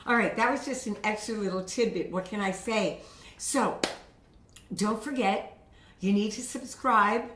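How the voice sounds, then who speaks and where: A woman's voice: medium pitch, unhurried, far from the mic, noisy background. A woman vocal coach giving casual, encouraging voice tips to camera, often checking in with "okay?". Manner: chatty and encouraging, frequent "okay?" check-ins. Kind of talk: instructional talk to camera. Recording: roomy echo.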